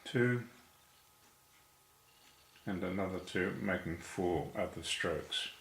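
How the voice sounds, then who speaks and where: A low-pitched, creaky voice with a fairly bright tone guides listeners slowly through writing Chinese characters, counting each stroke aloud with patience. The room echoes, and a little hiss or hum is present.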